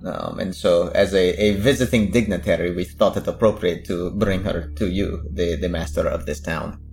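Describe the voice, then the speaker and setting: Lowish-voiced guy joking around at a tabletop game, faint music. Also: normal speed, vocal fry, a little mellow. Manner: joking, offhand. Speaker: player. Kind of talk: casual chat at a game table.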